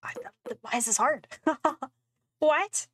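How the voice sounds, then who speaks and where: A woman's voice: high voice, expressive, slow pace, fairly bright tone, a little hiss or hum. A young woman playing a game, reading its texts aloud and reacting with casual, laughing, swearing commentary. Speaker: gaming streamer. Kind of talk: casual let's play commentary.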